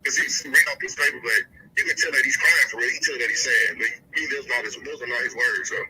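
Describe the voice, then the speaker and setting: A man's voice: quick pace, bright, forceful tone, a little hiss or hum. A man on a phone call, talking casually and emphatically, rambling as he breaks down his point. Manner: rambling, emphatic, swoops up high when making a point. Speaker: guest commentator.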